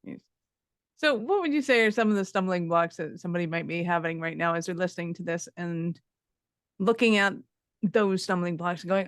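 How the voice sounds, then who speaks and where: A man hosting a podcast, asking questions in a relaxed and upbeat way. His voice is smooth and clear, with a dry, close sound. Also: high voice, a little fast, no room sound. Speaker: podcast host. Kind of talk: casual interview.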